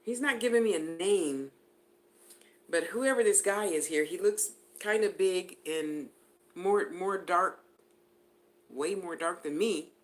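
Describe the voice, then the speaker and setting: A woman's voice: on the low side, takes it slowly, long pauses. A woman giving a live spiritual reading to viewers. She talks in a chatty way, laughs often, and addresses people by name. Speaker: spiritual reader.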